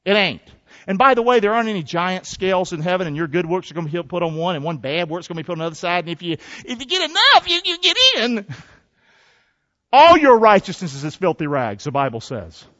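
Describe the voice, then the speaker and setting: A man preaching a sermon as pastor, energetic and folksy, calling on the congregation to answer and repeat after him. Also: high voice, quick pace. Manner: energetic, call-and-response preaching with folksy asides. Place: church. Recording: dull lo-fi church recording with long reverb.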